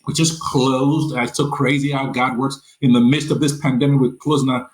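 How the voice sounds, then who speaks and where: A man tells his story as a podcast guest, speaking in earnest at a mid pitch. He often trips over repeated small words as he pushes the story forward. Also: flat delivery, normal speed, poor audio. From Nigeria. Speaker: podcast guest, nonprofit founder. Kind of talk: personal storytelling in a conversation.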